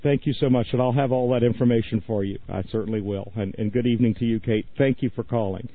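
A man's voice: mid-range voice, fairly even intonation, quick pace. A man hosting a radio call-in talk show, rambling and gushing over his guests. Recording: dry, phone-like radio sound.

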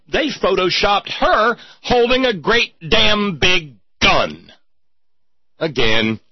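Man, sarcastic commentary, husky voice, dry dull lo-fi sound. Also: high-pitched, no room sound. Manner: sarcastic, mocking, theatrical emphasis. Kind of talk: sarcastic political commentary monologue.

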